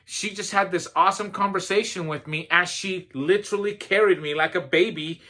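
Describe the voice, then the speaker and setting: Here a man delivers a motivational talk built around a personal story, chatty and self-mocking, dotted with fillers. His high, bright voice moves fairly quickly with a forceful edge.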